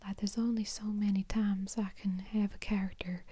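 A woman's voice: mid-range voice, level tone, moderate pace, warm tone, husky. A woman in a whispered ASMR chat, rambling and self-deprecating with lots of ums. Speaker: ASMR creator.

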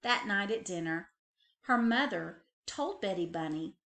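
A librarian woman reads a picture book aloud, her bright voice rising and falling with the story. She takes her time, lingering on each line. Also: medium pitch, a little slow. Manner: expressive, animated storytelling.

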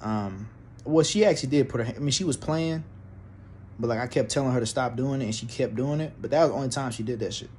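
A man's voice: medium pitch, quick pace, a little mellow, slight background noise. A young man telling a personal story in a casual, profane, rambling way, full of restarts and fillers.

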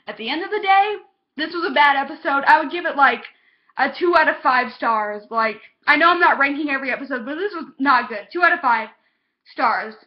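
A young woman vlogging a heated, exasperated TV episode review, cursing when she gets passionate. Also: high-pitched. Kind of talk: casual ranting review. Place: home, on a couch. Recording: dull lo-fi home recording.

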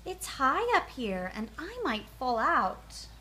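A little hare boy, fretful and small, whines in a raised, thin voice, as a woman reads him aloud. His storybook lines come high and plaintive. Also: very animated, takes it slowly, pushed and bright, a little hiss or hum, exaggerated voice. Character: small young male hare, frightened and fussy.

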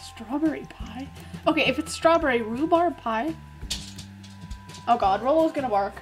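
A woman with a high voice talks at a normal pace over faint background music. She's a gaming YouTuber and server moderator, chatting casually with a friend while she builds in a video game, giggly, playful and poking fun at herself.

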